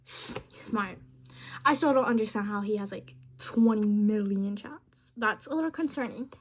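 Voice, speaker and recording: A woman's voice: medium pitch, normal speed, slight background noise. A young woman chatting casually with a chatbot. She rambles playfully and mutters asides under her breath.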